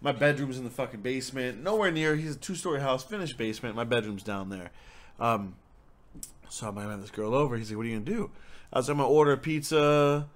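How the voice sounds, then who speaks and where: A young man telling a rambling, profanity-filled story in a casual, animated way. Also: mid-range voice, fast. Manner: rambling, swears a lot, animated. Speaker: storyteller guest.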